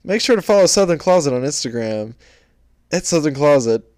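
A man's voice: a little high, animated, brisk, a little mellow, no room sound. A young man co-hosting a podcast in casual chat, rambling through stories and laughing as he goes. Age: young adult. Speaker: podcast co-host.

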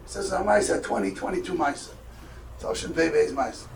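Animated man telling a story in an echoey hall. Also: high-pitched, brisk, creaky, slight background noise. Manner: animated storyteller, acting out dialogue with sudden loud bursts. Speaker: camp speaker. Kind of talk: storytelling talk. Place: camp hall. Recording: echoey room, mic far off.

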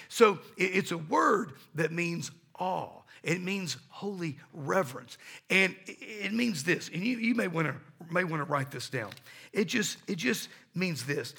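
A middle-aged man preaches with an emphatic storyteller's drive, calling out questions for the congregation to answer. His voice sits a little high, sounds bright and forceful, and carries a gravelly, husky edge. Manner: call-and-response with the congregation. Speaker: pastor. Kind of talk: sermon.

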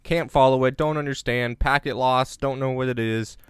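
A man co-hosting a podcast in casual chat, rambling with jokey deadpan asides. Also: mid-range voice, moderate pace, clean tone, no echo, clean studio sound. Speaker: podcast co-host. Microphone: remote recording on separate devices.

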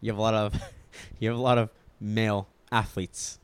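A young man co-hosting a podcast, animated and joking, often laughing. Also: on the low side, moderate pace, clear, resonant tone, no room sound. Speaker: podcast co-host. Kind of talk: casual chat.

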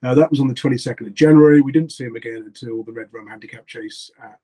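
Male pundit, quick, jokey, reads out form. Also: mid-range voice, warm tone, husky, poor audio. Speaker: racing tipster. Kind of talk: casual podcast chat.

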